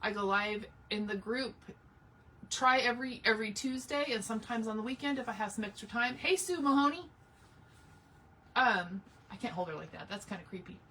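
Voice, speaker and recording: A woman's voice: medium pitch, brisk, sharp tone, recorded from a distance, slight background noise. A woman hosting a casual live craft tutorial, chatting and greeting viewers by name as she works. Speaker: craft livestream host.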